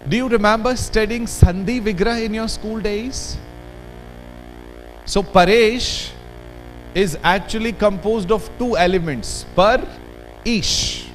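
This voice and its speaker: Indian guy running a workshop, high voice, lively, makes the room repeat words after him. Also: poor audio. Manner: animated, drills words aloud, code-switches into Hindi asides. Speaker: workshop trainer. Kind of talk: lively classroom workshop lecture.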